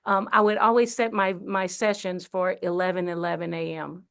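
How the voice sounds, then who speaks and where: A woman's voice: fairly low pitch, little pitch movement, normal speed, vocal fry, a bit bright, clean tone. A woman, an actress, telling her story in a casual interview, chatty with many fillers and restarts. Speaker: actress and singer, interview guest. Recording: radio studio interview.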